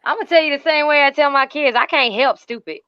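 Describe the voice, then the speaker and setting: A woman with a Southern country twang, co-hosting a casual panel show and telling stories in a loud, boisterous, laughing way. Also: sits high, quick pace, no room sound, lo-fi sound. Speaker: co-host.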